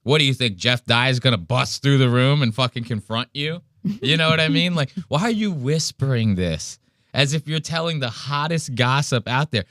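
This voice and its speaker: A male podcast host tears into a take with blunt, profane energy. His voice is bright and forceful. The sound is dry and close to the mic. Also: mid-range voice, normal speed, no echo. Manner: blunt, profane, animated ranting. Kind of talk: casual commentary.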